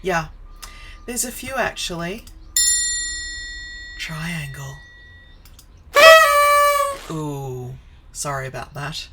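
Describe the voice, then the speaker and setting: A woman's voice: sits low, expressive, very slow, long pauses, very noisy. A woman in her forties chatting casually on a live stream from her home office, greeting viewers by name and wandering into asides. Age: 40s.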